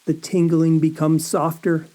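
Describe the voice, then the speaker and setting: A man narrating a first-person horror story in a slow, brooding, anxious way. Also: a little high, completely flat delivery, mellow.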